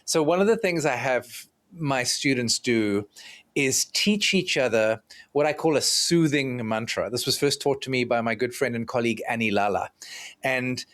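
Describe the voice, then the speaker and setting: A man as a podcast guest, explaining relationship repair calmly and acting out example lines between partners. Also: medium pitch, moderate pace. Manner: calm, explanatory, acts out example dialogue.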